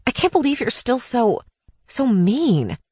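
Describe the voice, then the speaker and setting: A woman's voice: fairly low pitch, lively intonation, moderate pace, no echo, studio quality. A woman narrator voicing a hurt, defensive young woman in an audiobook.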